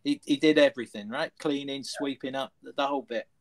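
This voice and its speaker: A man on a sports panel show, chatting casually and telling animated anecdotes. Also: medium pitch, fast talker, poor audio. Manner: anecdotal storyteller, animated retelling. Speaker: studio panelist.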